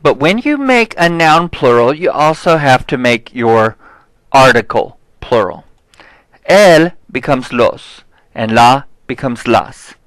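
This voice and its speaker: A male Spanish teacher walks through articles and plurals at a slow, patient pace. He sounds out each example word with care and keeps asking "okay?" between points. His voice is mid-pitched and recorded dry, with no room sound. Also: big pitch swings, fairly bright tone, no room sound, poor audio. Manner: explains step by step, checks with "okay?"; spells out example words slowly. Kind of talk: recorded classroom lesson.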